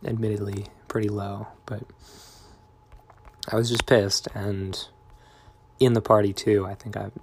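A young man talks straight to his viewers in a loose, wandering monologue that drifts from one thought to the next. His voice sits low and stays fairly monotone. It is full of fillers and trailing asides. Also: unhurried, creaky, long pauses, slight background noise. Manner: rambling, meandering, many fillers and trailing thoughts. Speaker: vlogger. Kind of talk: casual rambling monologue.

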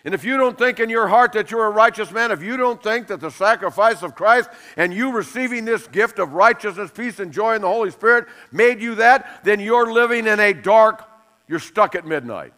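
A middle-aged man preaching a sermon, lively and emphatic, telling funny stories and laughing along. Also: sits high, moderate pace. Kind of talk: sermon with humorous storytelling.

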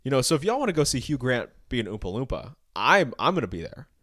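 A woman's voice: extremely low pitch, big pitch swings, fast talker, a bit bright, no echo, studio quality. A woman co-hosting a podcast in casual chat, blunt and wry. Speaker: podcast co-host.

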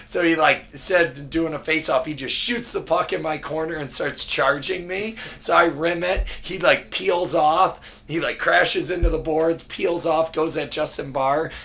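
Bright-voiced male podcast host. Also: on the high side, a little slow, hardly any pauses. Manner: energetic storyteller, quotes people. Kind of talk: casual chat.

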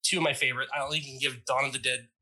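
Fast, bright-voiced male guest, husky, eager casual chatter. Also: mid-range voice, steady tone, rough recording. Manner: fast, enthusiastic, swears freely. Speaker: podcast guest. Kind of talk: casual chat.

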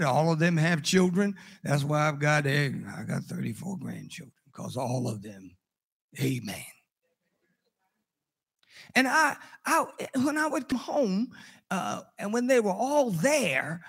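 Older male preacher, husky and high, animated storyteller with sudden loud bursts and soft asides. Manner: storytelling, swings from loud exclamations to hushed asides. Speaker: pastor. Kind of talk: sermon.

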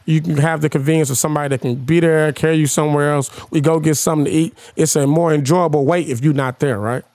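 A young man hosting a podcast, telling a story in casual chat, animated and profane, firing rhetorical questions at his co-hosts. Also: on the high side, fast, no room sound. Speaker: podcast host.

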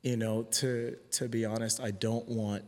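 A man's voice: medium pitch, little pitch movement, a little slow, darkish tone. Earnest man talking in a reverberant room. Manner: earnest, hesitant with many restarts. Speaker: podcast guest. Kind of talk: casual podcast conversation. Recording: long hall reverb.

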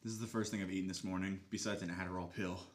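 A man's voice: deep voice, flat delivery, very fast. A man co-hosting a podcast, talking casually and a bit impatiently, swearing offhand. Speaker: podcast co-host. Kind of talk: casual chat, ice cream tasting. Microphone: desk mic.

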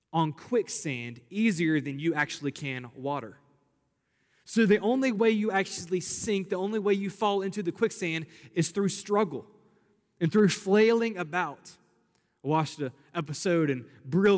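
A young man preaching a sermon in an earnest, conversational way, repeating phrases for emphasis. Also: on the high side. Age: young adult. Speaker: pastor. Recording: hall reverb.

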